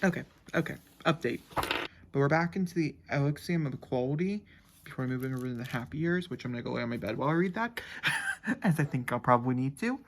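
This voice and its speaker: A man's voice: medium pitch, lively intonation, fast talker, a little hiss or hum. A young man rambling emotionally about a novel in a casual reading vlog from his bedroom at night, swearing freely. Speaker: book vlogger.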